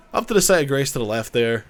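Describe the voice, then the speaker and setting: A man with a cold, giving casual, joking gameplay commentary, self-mocking and swearing now and then. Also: medium pitch. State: has a cold. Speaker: gaming YouTuber.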